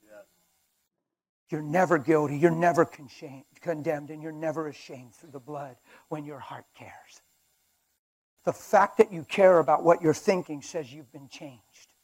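A man preaching a sermon in an emphatic, animated manner, acting out little skits along the way. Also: a little high, unhurried.

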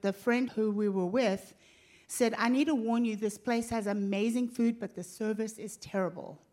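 A woman, telling a lively personal story to a church congregation and acting out the voices of the people in it. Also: a little high, moderate pace. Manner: animated, acts out quoted voices. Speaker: pastor's wife telling a story.

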